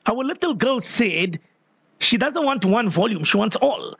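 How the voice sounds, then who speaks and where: A man's voice: sits high, lively intonation, a little slow, fairly bright tone, breathy edge, no room sound. A man hosting a call-in radio show, rambling and repeating his words as he reads out listeners' messages.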